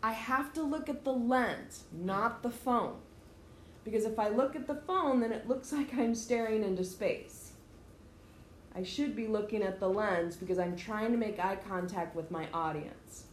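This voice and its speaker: A woman teacher lectures her class directly and emphatically, explaining things step by step. Her voice is medium-pitched at a measured pace, recorded in an echoey room with faint ambience and slight background noise.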